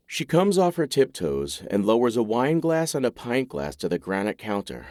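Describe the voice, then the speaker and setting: A man's voice: very animated, normal speed, a little mellow, no echo, clean studio sound. A man narrating a romance audiobook in the first person, wry and intimate in manner. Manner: wry, intimate, low-key.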